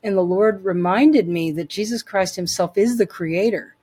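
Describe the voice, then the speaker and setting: A woman's voice: medium pitch, moderate pace, dark tone, breathy edge. A woman as an interview guest, telling her personal faith testimony in an earnest, emphatic way, repeating phrases for weight.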